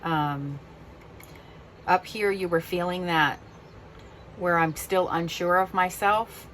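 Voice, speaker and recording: Emotional woman reading tarot, low-pitched. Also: slow, fairly bright tone, a little hiss or hum. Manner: emotional, heartfelt. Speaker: tarot reader.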